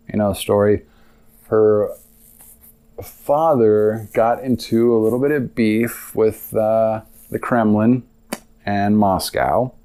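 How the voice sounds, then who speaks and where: Young man, low voice, casual rambling storytelling, podcast monologue. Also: dark tone, clear, resonant tone. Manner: rambling, casual, lots of filler and asides. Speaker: podcast host.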